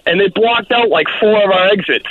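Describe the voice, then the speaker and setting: A man from Massachusetts calling into a radio show, telling a lively story of his youth. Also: high-pitched, a little fast. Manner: animated storyteller. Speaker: caller. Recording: lo-fi phone line.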